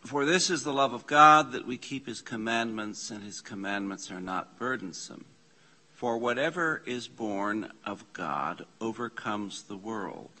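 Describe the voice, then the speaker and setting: A man leading an informal church class, slowly reading out Greek scripture and explaining the grammar with casual asides. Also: on the low side, bright, forceful tone. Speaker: Bible study teacher. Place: church meeting room.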